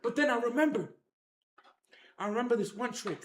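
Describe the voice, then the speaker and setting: A speaker telling a wild story to viewers in casual slang, acting out fights with shouted sound effects and repeated phrases. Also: medium pitch, brisk, roomy sound, slight background noise. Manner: excited, acts out the action with sound effects and shouts. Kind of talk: animated tall-tale storytelling to viewers.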